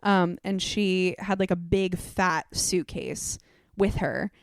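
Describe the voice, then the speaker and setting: A woman in her twenties hosting a podcast, telling animated stories to old friends over dinner and swearing freely. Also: fairly low pitch, slow pace, creaky, clean tone, dry recording, clean studio sound. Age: 20s. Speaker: podcast host. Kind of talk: casual chat among friends. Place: dinner table at home.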